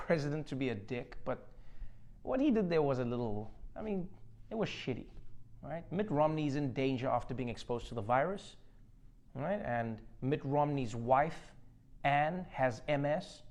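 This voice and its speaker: A man's voice: mid-range voice, expressive, normal speed, darkish tone. A man hosting a comedic news monologue, delivering jokes with sarcasm. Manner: joking, sarcastic delivery with acted-out bits. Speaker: comedy host.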